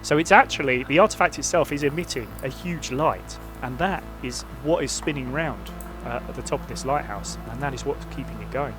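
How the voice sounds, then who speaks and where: A man voicing a gruff fish-man lighthouse keeper with a put-on pirate growl, in a tabletop game. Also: medium pitch, a little fast, fairly bright tone, soft background music, close to an everyday voice. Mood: ominous.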